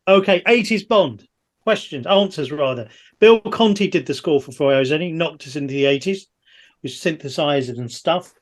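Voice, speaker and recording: A man acting as quiz master on a video call, reading out answers briskly with jokey asides. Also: on the high side, lively intonation.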